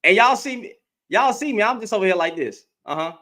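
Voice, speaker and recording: A man giving heated reaction commentary as an online commentator, animated and profane, repeating himself and laughing often. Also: high-pitched, a little fast. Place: in Dallas, Texas.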